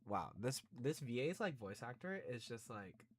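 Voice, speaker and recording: A male streamer chatting casually over a game, rambling and swearing freely. His pitch jumps around in lively swings, and he often puts himself down. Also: normal speed, breathy edge. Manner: rambling, swearing, self-deprecating.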